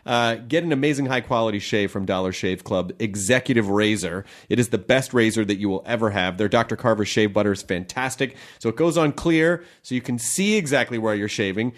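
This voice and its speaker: A man's voice: lowish voice, a little fast, hardly any pauses. A man hosting a podcast, chatting casually and joking his way through ad reads. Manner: playful, jokey, rambling. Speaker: podcast host.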